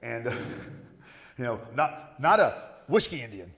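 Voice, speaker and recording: A man's voice: medium pitch, very animated, slow, gravelly, a bit bright. A middle-aged man telling rambling, profane stories at a convention panel, acting out the other people's lines. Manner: profane, rambling, acts out dialogue. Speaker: panel guest. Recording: echoey convention hall.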